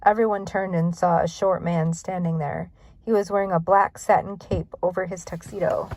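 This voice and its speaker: A woman narrating a children's mystery storybook in a clear, even reading voice. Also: lowish voice, normal speed. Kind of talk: storybook read-aloud.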